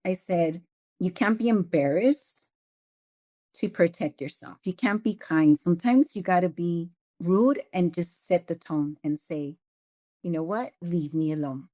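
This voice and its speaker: A woman's voice: lowish voice, a little slow, warm tone. A middle-aged woman, a mother and interview guest, earnestly recounting events and quoting what people said. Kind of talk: casual interview chat.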